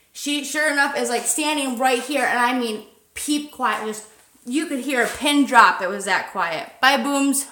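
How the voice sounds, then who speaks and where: A woman's voice: a little high, pushed and bright, reverberant. A woman in her thirties hosting a paranormal livestream outdoors at night, chatting loosely with viewers and swearing freely. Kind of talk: casual livestream chat.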